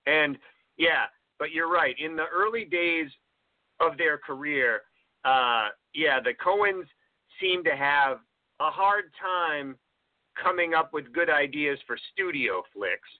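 A man's voice: on the high side, expressive, slow pace, no room sound. A man co-hosting a casual film podcast, talking in a rambling, hesitant way with lots of fillers. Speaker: podcast co-host. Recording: thin phone-like audio, dry.

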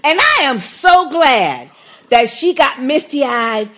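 A woman's voice: high voice, sing-song, slow pace, a bit bright. Fiery ranting woman podcast co-host. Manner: fiery, profane, ranting with laughter. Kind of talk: casual TV recap chat.

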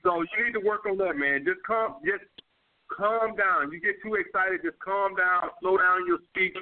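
A man's voice: sits high, moderate pace, a little hiss or hum. A man with a New York accent hosting a call-in dating advice show, blunt and profane, repeating his points. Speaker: dating coach host. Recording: phone-line call-in audio.

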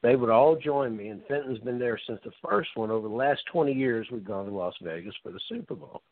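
A man's voice: medium pitch, animated, a little fast, no echo. A man co-hosting a show, reminiscing in a loose, conversational way with fillers. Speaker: co-host. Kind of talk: casual storytelling. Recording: dry phone-line audio.

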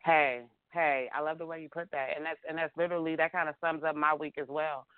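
A woman's voice: sits low, fairly even intonation, brisk, clear, resonant tone, no echo. A woman hosting a radio talk show, chatting casually and often repeating her words. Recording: phone-like narrow sound.

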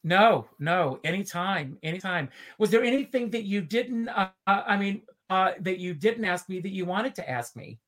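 Halting Southern man hosting a show. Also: sits high, lively intonation, fairly bright tone. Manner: halting, many fillers. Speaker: show host. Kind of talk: casual chat.

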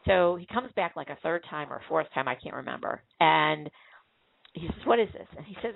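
A woman with a low, gravelly voice hosts a casual chat, rambling through stories with lots of fillers and false starts. She comes through a tinny phone line, dry and close, with no room sound. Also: animated, normal speed. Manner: rambling storyteller with many fillers and restarts. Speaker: host.

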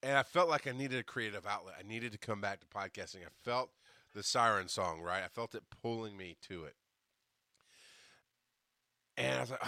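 A man hosting his podcast, telling a story from his working life in a casual, animated way, cursing and restarting his sentences. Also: on the low side, moderate pace, no echo, studio quality. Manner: animated, profane, many restarts. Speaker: podcast host.

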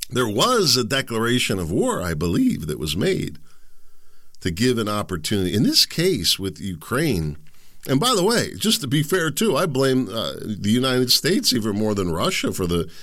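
Recorded dry with clean studio sound, this man speaks in a lowish, slightly bright voice. Hosting a show, he rambles through opinionated solo commentary in a conversational way, frequently restarting, stumbling over words, and putting questions straight to his audience.

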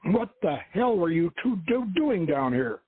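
Male reader playing a gruff colonel, curt and barking, husky, flat dry radio. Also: sits high, a little slow, dry recording, pitched above the performer's own voice, full character voice. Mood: brusque. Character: brusque male special forces colonel. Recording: dry phone-like radio sound.

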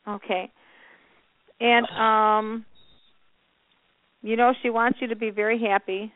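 A woman's voice: on the high side, level tone, slow pace, dry recording. Woman, call-in radio host, calls people honey, phone-line sound, dry. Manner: warm, calls callers honey. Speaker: radio show host and coffee psychic.

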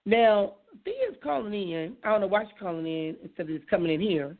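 A hoarse woman hosting a casual talk show, chatty and quick to laugh, often saying things twice. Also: medium pitch, big pitch swings. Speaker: radio show host. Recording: tinny phone-like sound.

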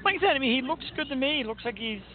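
A man's voice: very high-pitched, expressive, rapid-fire. Man, talk show host, casual sports banter, tinny phone-like audio. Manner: chatty, enthusiastic fan banter. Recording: tinny phone-like sound with faint noise.

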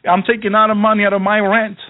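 A man's voice: sits high, flat delivery, fast, no room sound, natural voice. A man voicing a worried older mother who pleads with her grown children that she lives on a fixed income. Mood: anxious pleading. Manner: anxious, pleading, stammering. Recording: thin phone-like radio sound.

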